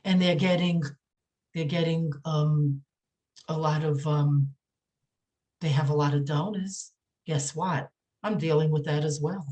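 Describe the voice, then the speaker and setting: A woman with a low voice talks as a podcast guest and sounds indignant. She keeps stopping to restart her sentences and leans on repeated words for emphasis. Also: steady tone, dark tone. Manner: halting, many fillers and restarts. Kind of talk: emotional podcast interview.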